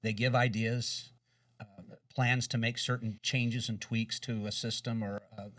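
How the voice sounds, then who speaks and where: A man co-hosting a casual chat, measured and emphatic, stuttering a little as he starts. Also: medium pitch, little pitch movement, a bit bright, no echo. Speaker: co-host. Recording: dry room, distant mic.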